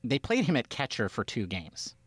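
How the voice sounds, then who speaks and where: A man co-hosting a casual sports podcast, rambling from point to point and acting out quotes. His voice swings widely in pitch, sitting in a middle register. The sound is dry and close. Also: moderate pace, no room sound. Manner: animated, rambling, acts out quotes. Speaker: podcast co-host.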